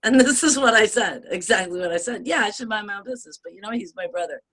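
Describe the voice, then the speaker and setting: A bright, clear-voiced woman from the United States talks in casual chat. She rambles with restarts, gets animated, laughs often and swears freely. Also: medium pitch, quick pace.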